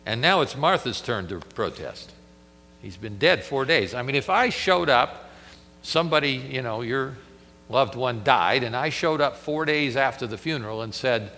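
A man preaching a sermon, emphatic, with dramatic pauses and rhetorical questions. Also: medium pitch, expressive, sharp tone, big-room sound.

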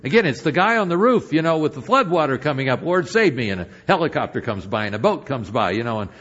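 An older man preaching a sermon as pastor, moving between emphatic points and hushed, quiet stretches. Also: mid-range voice, expressive, fast talker, husky, lo-fi sound.

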